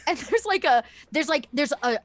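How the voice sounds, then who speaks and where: A woman's voice: sits high, lively intonation, moderate pace, crowd noise. A woman narrating a tabletop game as game master, chatty, with lots of fillers and restarts.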